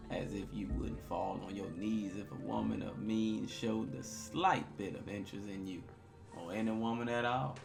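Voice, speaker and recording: A man's voice: lowish voice, gravelly. A man voicing a gossipy camp cafeteria worker with a folksy drawl while reading a game aloud. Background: game music.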